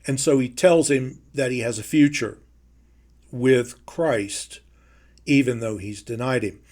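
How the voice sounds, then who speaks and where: A man teaching a Bible lesson in a measured, emphatic way, slowing down to stress key phrases. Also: mid-range voice, a little mellow. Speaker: preacher.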